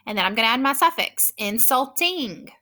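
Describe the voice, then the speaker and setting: A woman teaching a phonics lesson, patiently sounding out words slowly and clearly. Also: fairly high pitch, pushed and bright. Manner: patient, encouraging.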